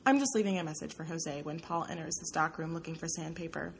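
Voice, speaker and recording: Woman audiobook narrator, introspective first-person read, slightly low register. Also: fast, vocal fry, a little hiss or hum, poor audio.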